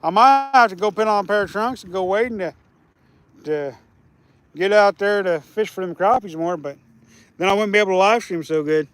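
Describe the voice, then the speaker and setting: High-voiced rambling man streaming outdoors. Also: normal speed, fairly bright tone, clear, resonant tone, no echo. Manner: easygoing, rambling, restarts often. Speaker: fishing live streamer. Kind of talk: casual live stream chat. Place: outdoors by a lake.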